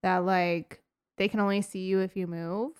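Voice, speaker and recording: A woman's voice: medium pitch, steady tone, normal speed, clear, resonant tone. A woman co-hosting a casual movie-review podcast, chatting easily and laughing often as she talks. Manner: giggly, laughs often mid-sentence. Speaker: podcast co-host.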